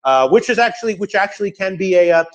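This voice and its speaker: A man's voice: sits high, lively intonation, fast talker, rough recording. A young man giving sports betting picks in casual chat, rambling with restarts and joking asides.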